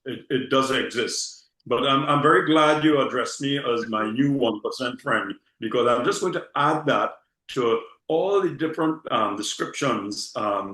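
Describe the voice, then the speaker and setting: A man from Trinidad, with a Trinidadian accent, chats casually as a guest in a bright, forceful mid-range voice. The recording is reverberant and low quality, and he often repeats words and ends lines with "okay?".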